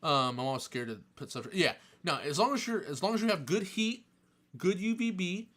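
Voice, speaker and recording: A man casually answering chat questions on a live stream, chatty and excitable, joking and laughing often. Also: sits high, normal speed.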